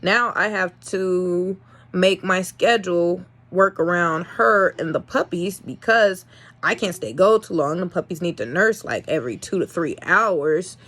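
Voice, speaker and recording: A young woman breeder telling a casual vlog story in an animated, exasperated way, swinging between loud and soft. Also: fairly low pitch, measured pace. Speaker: dog breeder.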